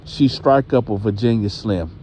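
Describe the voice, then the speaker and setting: A man's voice: fairly low pitch, normal speed, warm tone, slight background noise. A man hosting a channel, telling a story casually and addressing his audience directly.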